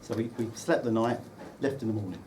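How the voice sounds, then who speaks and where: This is a man's wedding toast about the groom, told in dry, teasing stories with careful comic timing. His mid-range voice moves at a fairly quick clip. The indoor reception room is noisy, and the microphone sits at a distance.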